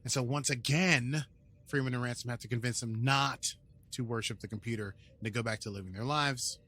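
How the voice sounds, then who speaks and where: An American man co-hosting a podcast, his voice bright and forward. He jokes around and laughs readily, then settles into a brisk recap of the episode. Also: medium pitch. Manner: laughs often, jokey, playful. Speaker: podcast co-host. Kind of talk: casual chat and episode recap.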